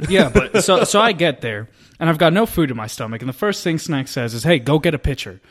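A man's voice: fairly high pitch, fairly quick. Easygoing young man, laughing along. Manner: relaxed, frequent laughs and agreeing backchannels. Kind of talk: casual chat.

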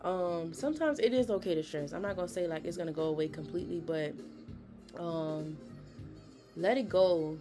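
Young female podcast host, deep-pitched, emphatic and chatty, over soft background music. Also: moderate pace. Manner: chatty, emphatic, conversational slang. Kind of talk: casual motivational talk.

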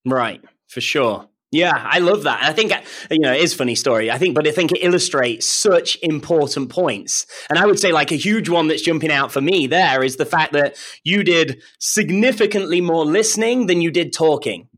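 A man's voice: fairly high pitch, expressive, moderate pace, hardly any pauses, a bit bright. A man hosting a casual interview, affirming the guest with short agreements. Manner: affirming listener, frequent laughs and short agreements. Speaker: podcast host.

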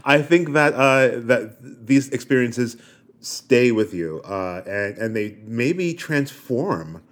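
A man co-hosting a podcast in casual chat, halting and repeating words as he reflects. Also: medium pitch, expressive. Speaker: podcast co-host.

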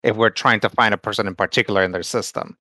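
A man playing in a tabletop game, talking casually with halting restarts. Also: lowish voice, steady tone, sharp tone, no room sound. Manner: halting, restarts mid-thought. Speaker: player.

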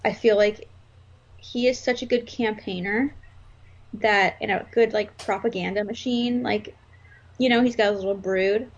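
Husky-voiced woman chatting animatedly. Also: medium pitch, a little slow. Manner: animated, rambling, jokey. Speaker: podcast co-host. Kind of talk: casual wrestling podcast chat. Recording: slightly dull lo-fi sound.

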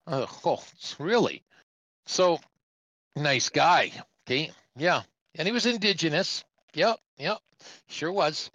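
A man's voice: a little high, expressive, a little slow, sharp tone, dry recording, low-quality recording. A middle-aged man, a truck driver, telling a rambling story in a casual way and acting out the other people's voices. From Canada.

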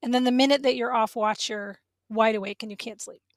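A woman telling a personal story as a podcast guest, animated and emotional, laughing now and then. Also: on the high side, fairly quick.

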